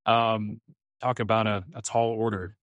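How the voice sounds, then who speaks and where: A man with a somewhat low voice tells stories as an interview guest. He is animated, acts out his own past reactions, and often fills pauses with "um." The sound is dry and close. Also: dry recording, lo-fi sound. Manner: animated, quotes himself, frequent "um". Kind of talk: conversational storytelling.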